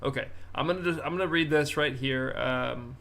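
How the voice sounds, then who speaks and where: A man's voice: medium pitch, fairly quick, vocal fry, a bit bright. A man hosting a podcast in casual chat, rambling and poking fun at himself. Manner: rambling, self-mocking, laughs at own jokes. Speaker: podcast host.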